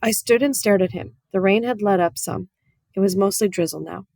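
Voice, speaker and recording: A woman reading a children's novel aloud in a calm, measured voice that sits in a middle range. The recording is close and dry, with no room echo. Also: mid-range voice, vocal fry. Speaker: audiobook reader. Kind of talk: storybook read-aloud narration.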